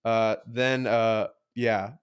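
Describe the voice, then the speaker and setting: A man's voice: lowish voice, flat delivery, extremely slow, smooth. A young man co-hosting a podcast, telling a story in casual chat, rambling with lots of "like", swearing and acting out quotes. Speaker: podcast co-host.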